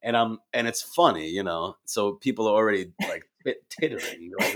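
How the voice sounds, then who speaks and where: A man, an improv performer and actor, telling animated stories in a casual chat and acting out the voices in them. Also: fairly low pitch, a little fast. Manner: animated, acts out voices in his anecdotes.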